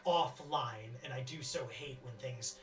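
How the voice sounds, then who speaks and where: A game master voicing a smooth, ingratiating schemer who is fussy about security. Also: mid-range voice, unhurried, soft background music, pitched below the performer's own voice, lightly acted. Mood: smarmy. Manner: oily, polite, ingratiating. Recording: roomy, distant mic.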